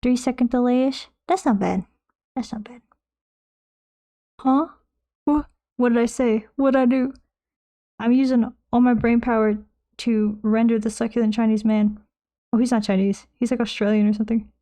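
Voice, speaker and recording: A woman's voice: fairly high pitch, steady tone, moderate pace, pauses often, warm tone. A woman streaming while she paints, chatting in a rambling, jokey way and slipping into silly voices. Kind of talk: casual chat while painting.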